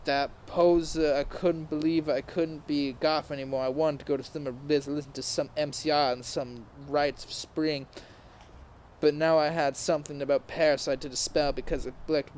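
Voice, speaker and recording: A man's voice: on the high side, steady tone, moderate pace, a little mellow, slight background noise. A man giving a comedic dramatic reading aloud, stumbling over words and reading in a mock-serious way. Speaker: podcast host reading aloud.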